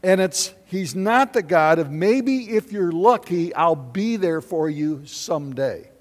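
Pastor, male, slightly high voice, emphatic conversational sermon, long hall reverb. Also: animated, slow. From United States. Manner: emphatic, conversational preaching with rising bursts.

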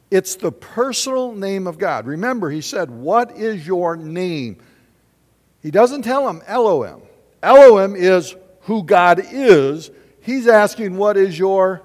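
A man preaching a sermon to a congregation in an emphatic, conversational way, with sudden rising bursts. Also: a little high. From United States. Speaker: pastor. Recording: reverberant hall.

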